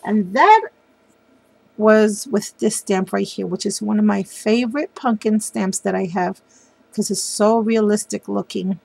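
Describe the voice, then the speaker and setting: A woman's voice: medium pitch, measured pace, creaky, a little mellow, husky. A middle-aged woman showing her papercraft project in a casual, gushing chat, with frequent ums and giggles. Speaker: papercraft designer. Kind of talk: casual craft show-and-tell.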